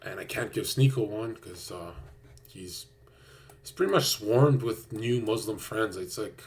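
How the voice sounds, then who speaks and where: A man's voice: lowish voice, animated, unhurried. A man from Canada live streaming, talking in a crude, rambling, slangy way and calling his viewers "bro". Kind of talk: casual live-stream chat.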